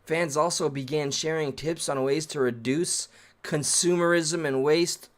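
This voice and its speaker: A man's voice: fairly high pitch, fairly even intonation, a little slow. A man reading an article aloud and breaking off into sarcastic, rambling asides in a casual reaction rant.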